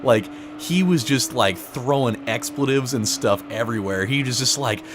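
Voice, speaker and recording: A man's voice: mid-range voice, normal speed, heavy background noise. A man casually commenting on his racing game, rambling through a story full of "like" and "you know". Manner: rambling, storytelling, frequent fillers. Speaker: let's play host.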